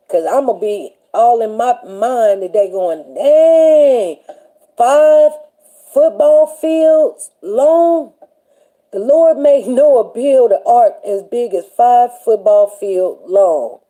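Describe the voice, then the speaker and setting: A woman hosting a casual faith chat on a livestream, animated and chatty, laughing often and greeting viewers by name. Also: mid-range voice. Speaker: livestream show host.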